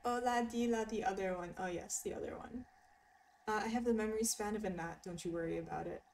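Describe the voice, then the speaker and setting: A fast-talking woman with a medium-pitched, slightly mellow voice streams a video game, giggling and chatting casually as she reacts to chat. She's far from the mic, over game music, with a faint hiss or hum.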